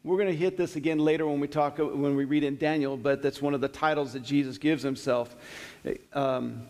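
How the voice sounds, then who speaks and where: Middle-aged guy leading bible study, chatty then slow on the verses, kinda high voice. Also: steady tone, a little mellow. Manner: conversational, reads verses slowly with emphasis. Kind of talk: sermon-style Bible teaching. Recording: long hall reverb.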